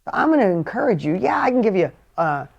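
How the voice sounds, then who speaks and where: A man giving a motivational talk to an audience. He speaks bluntly and with energy, swinging between loud, emphatic lines and hushed ones. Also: high voice, very animated, a little fast, vocal fry, dull audio.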